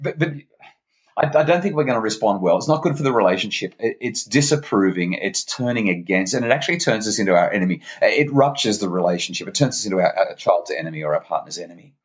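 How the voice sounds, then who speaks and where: An Australian man appears as a parenting expert guest on a podcast interview. His voice sits on the low side and moves fast, and he speaks in an animated, emphatic way, frequently restarting his words.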